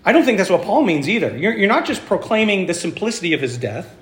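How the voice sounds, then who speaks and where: In a church, a pastor preaches a sermon in a conversational way, full of fillers and restarts. His voice is high, very animated, and fast, and the room is echoey.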